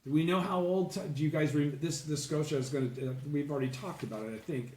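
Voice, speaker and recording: A man leading a casual group study session, explaining a text and checking understanding with "okay?" and "right?". He sounds congested and keeps clearing his throat. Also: fairly high pitch, fast talker, darkish tone, roomy sound.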